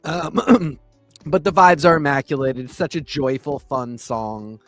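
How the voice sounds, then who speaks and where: Easygoing man, fairly high voice, dry sound. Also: a little slow, fairly bright tone, dry recording, soft background music. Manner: easygoing, thinks aloud with ums while giving opinions. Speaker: podcast co-host. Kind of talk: casual chat.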